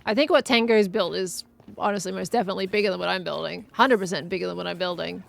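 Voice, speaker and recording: A woman's voice: lowish voice, fairly even intonation, fast talker, vocal fry, faint music behind. A young adult woman streaming a game, chatting in a rambling, giggly way as she plays. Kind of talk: rambling live gameplay chat.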